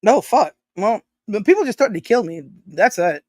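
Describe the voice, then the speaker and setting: A woman's voice: medium pitch, big pitch swings, normal speed, a little mellow, no room sound. A woman co-hosting a livestream in loose, profane, jokey chat. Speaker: livestream co-host.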